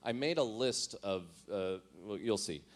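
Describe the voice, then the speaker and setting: A storyteller comically reads entries from his old teenage diary with mock-earnest drama, often laughing through lines at himself and tossing in sheepish asides. His lowish voice is expressive and unhurried.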